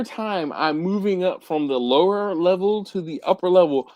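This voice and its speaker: A man's voice: high-pitched, normal speed, few pauses, a little mellow, dry recording. A man hosting a live chat, telling a childhood story in a rambling way with frequent laughs. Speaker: host. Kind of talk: casual live-stream chat.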